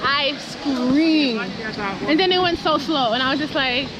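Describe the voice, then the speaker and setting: A woman vlogging her trip outdoors on a handheld camera, loud, excitable and laughing often. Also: high voice, unhurried, heavy background noise. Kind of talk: casual travel vlog. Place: outdoors on a zipline course.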